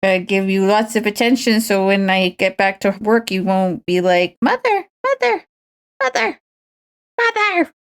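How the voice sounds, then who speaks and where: A woman's voice: medium pitch, level tone, normal speed, few pauses, clean tone. A woman streaming while she paints a miniature, chatting casually and playfully, cooing baby talk at her pet. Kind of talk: casual chat while crafting.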